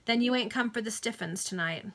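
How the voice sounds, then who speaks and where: Woman putting on a gruff body-snatcher villain. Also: fairly high pitch, fairly quick, a bit bright. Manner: rough, coarse street speech.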